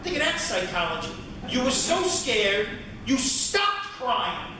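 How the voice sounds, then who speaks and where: A man's voice: extremely high pitch, sing-song, slow, distant mic, background noise. A man doing a stand-up comedy routine, ranting in a brash, profane, mocking way on a club stage. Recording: echoey live club recording from afar. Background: audience ambience.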